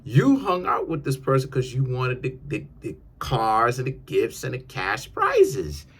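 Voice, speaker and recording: A man's voice: mid-range voice, huge pitch swings, measured pace, fairly bright tone, breathy edge. A man giving a tarot reading in a casual, ranting monologue, rambling and often repeating his words. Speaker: tarot reader.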